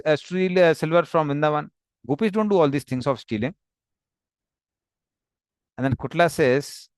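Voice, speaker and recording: Leading a scripture class, a man explains the text and paraphrases its dialogue, his talk full of fillers and restarts. His pitch is fairly high, and the clean studio recording has no echo.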